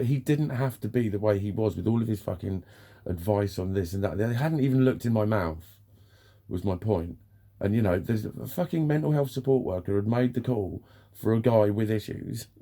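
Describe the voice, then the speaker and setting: Swearing, exasperated man, dark voice. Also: fairly low pitch. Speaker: vlogger. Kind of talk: ranting personal vlog.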